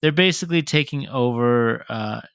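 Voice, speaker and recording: A man co-hosting a casual podcast, talking hesitantly with many pauses and restarts. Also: medium pitch, vocal fry, fairly bright tone, clean tone, dry recording, clean studio sound. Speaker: podcast co-host. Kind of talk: casual chat.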